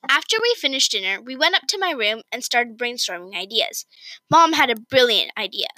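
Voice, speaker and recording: High, bright woman narrator, very lively first-person read, dry sound. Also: a little fast, no echo, rough recording. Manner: expressive, excited storytelling. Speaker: storyteller. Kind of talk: reading a story aloud in first person.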